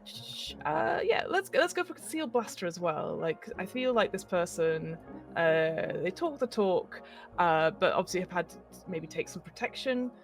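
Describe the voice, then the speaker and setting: A woman's voice: on the low side, very animated, moderate pace, creaky, faint music behind. Rambling woman hosting a tabletop game. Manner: rambling, full of ums and self-corrections. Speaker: host and game facilitator. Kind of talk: casual chat running a tabletop game.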